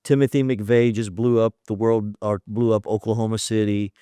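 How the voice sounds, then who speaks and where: A man in his fifties guests on a podcast, retelling events candidly and acting out what was said. He speaks in a lowish, warm, smooth voice with flat delivery at a moderate pace, with no room sound in the clean studio recording.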